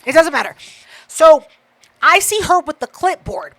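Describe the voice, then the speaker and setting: A woman co-hosting a podcast, telling a story in casual chat, profane and animated, acting out what others said. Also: sits high, a little slow. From Mexican heritage. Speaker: podcast co-host.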